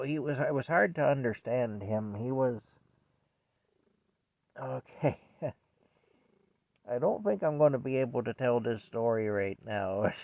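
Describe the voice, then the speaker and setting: A man's voice: mid-range voice, creaky, dry recording. An older man from Canada telling a rambling story at home, chuckling and breaking off often. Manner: rambling, chuckling, self-interrupting. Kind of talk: casual storytelling vlog. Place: indoors at home with a cat. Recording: dry, dull lo-fi mic.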